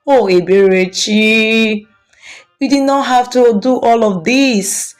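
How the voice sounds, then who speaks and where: A woman's voice: on the low side, lively intonation, unhurried, soft background music. A woman voicing a cheerful, trusting young woman who adores her best friend. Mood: delighted. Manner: bright, gushing and trusting.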